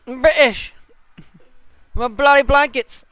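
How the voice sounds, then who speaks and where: A man's voice: very high-pitched, expressive, measured pace, clean tone, no room sound, exaggerated voice, poor audio. A man putting on a crude mock-British bloke. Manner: exaggerated, cursing, raised and loud.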